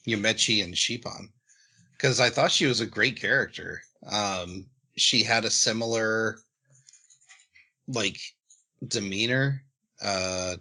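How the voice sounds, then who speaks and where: Gravelly man, hesitant and halting. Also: lowish voice, sharp tone. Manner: hesitant, full of fillers. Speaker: podcast co-host. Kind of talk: casual chat.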